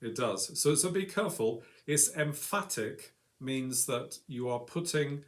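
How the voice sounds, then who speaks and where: A man's voice: mid-range voice, expressive, a little slow. A man co-hosting an English lesson in an ordinary mid-range voice. He explains each grammar point patiently. When he gives the sample commands, he leans on them with authority. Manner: acts out example commands with strong emphasis. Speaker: English teacher.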